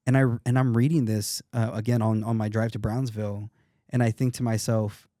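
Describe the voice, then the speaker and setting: Earnest man with a mellow voice. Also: lowish voice, flat delivery, a little fast, dry recording, clean studio sound. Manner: earnest, reflective, many restarts. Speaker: podcast guest. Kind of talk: casual interview talk.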